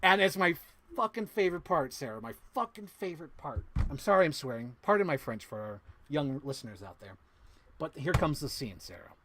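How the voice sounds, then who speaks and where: A man hosting a podcast, excitedly retelling a movie plot to his co-host, swearing often and humming sound effects. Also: on the high side, a little fast, slight background noise. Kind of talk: animated movie recap to a co-host.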